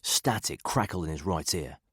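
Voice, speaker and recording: A man reading a thriller audiobook in a measured, even way. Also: deep voice, breathy edge, no echo, clean studio sound. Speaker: audiobook narrator. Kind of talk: scripted thriller narration.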